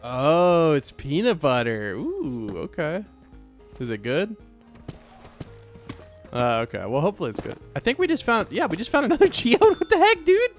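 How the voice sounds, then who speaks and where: A young man casually commenting on his own gameplay in a chatty, joking way, quick to get startled and to repeat himself. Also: on the high side, huge pitch swings, faint music behind. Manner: chatty, jokey, easily startled, repeats phrases. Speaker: let's play gamer.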